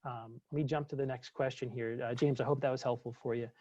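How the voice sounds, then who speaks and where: A man's voice: mid-range voice, fairly even intonation, fast talker, mellow, no echo, dull audio. A man, a former psychologist, presenting a webinar and answering questions in a chatty way, full of fillers and restarts.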